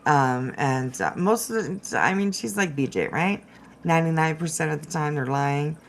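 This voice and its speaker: A woman's voice: low-pitched, moderate pace, vocal fry, a little hiss or hum. A woman hosting casual drama commentary, chatty and swearing freely, laughing often and fighting off a cough. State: coughing from a cold.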